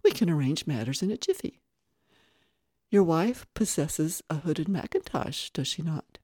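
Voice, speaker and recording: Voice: mid-range voice, big pitch swings, unhurried, darkish tone, no room sound, studio quality. A reader voicing a stern, firm female ghost with a sarcastic edge, in an audiobook reading.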